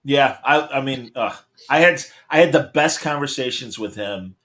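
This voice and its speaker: A man's voice: medium pitch, expressive, normal speed, fairly bright tone. A man hosting a casual chat over a video call, enthusiastic and rambling with frequent restarts. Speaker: podcast host.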